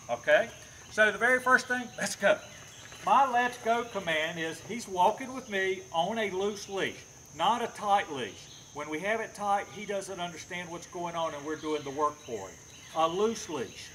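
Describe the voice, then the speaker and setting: A man with a fairly high voice explains his dog training methods outdoors while he works a dog, switching between explanation and short, firm commands and praise. Faint insect noise hums behind him. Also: poor audio. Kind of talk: hands-on training demonstration.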